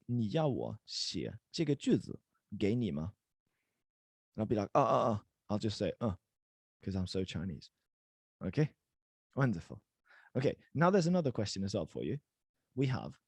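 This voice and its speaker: A man teaches a live online language class over a video call, casual and encouraging, full of little fillers. His pitch swings a lot as he explains. The sound is close and dry, with no room around it. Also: darkish tone, dry recording.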